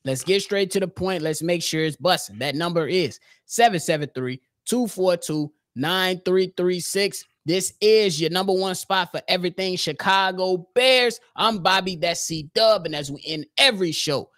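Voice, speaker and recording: A man's voice: high voice, moderate pace, few pauses, a bit bright, no room sound, clean studio sound. A man co-hosting a podcast in a hyped, slangy, casual way. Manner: hyped, slangy, sign-off energy. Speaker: podcast co-host.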